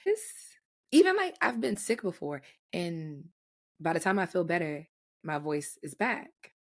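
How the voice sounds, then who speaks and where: A young woman co-hosting a podcast in casual chat, slangy and animated, with a raspy voice recovering from voice loss. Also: lowish voice, measured pace. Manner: animated, laughing, slangy storytelling. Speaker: podcast co-host.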